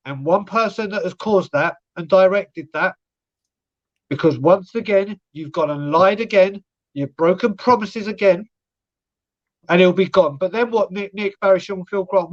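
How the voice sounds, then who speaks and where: A man's voice: high voice, normal speed, dull audio. A man co-hosting a live football fan stream, ranting sarcastically and swearing.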